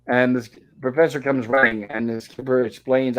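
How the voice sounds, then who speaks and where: A man's voice: medium pitch, steady tone, moderate pace. A man hosting a live stream, chatting casually and reading dialogue aloud with little acting. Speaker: host of a live-streamed show. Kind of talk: casual episode recap, reading lines aloud.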